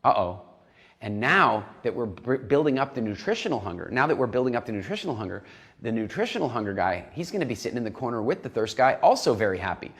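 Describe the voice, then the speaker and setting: Animated man coaching a nutrition program. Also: medium pitch, fast. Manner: animated, acts out inner voices in dialogue. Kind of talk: recorded program lesson.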